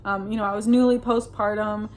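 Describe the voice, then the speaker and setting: A woman talks straight to her audience, earnestly recounting a personal experience in a rambling, unscripted way. Her speech is full of fillers and restarts and leans on Christian religious phrasing. Her voice sits at an ordinary middle pitch. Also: level tone, fairly quick, slight background noise. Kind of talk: casual storytelling monologue.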